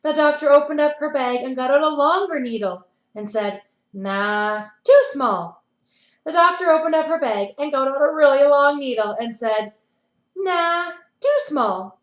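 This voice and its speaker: A woman playschool teacher reads a picture book to children over a video call, stopping for animated asides. Her voice is high and sounds roomy and echoey. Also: brisk, few pauses.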